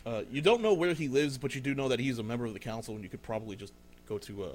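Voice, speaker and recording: A young man running a tabletop game as game master, stopping often with ums and uhs. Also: mid-range voice. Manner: halting, many ums and uhs.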